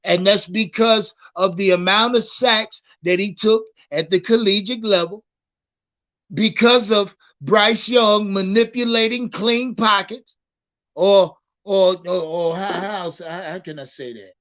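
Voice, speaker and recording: A man hosting a casual livestream about football, talking in an animated, profane way and repeating words as he starts his thoughts. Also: high voice, a little slow, lo-fi sound. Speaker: livestream sports host.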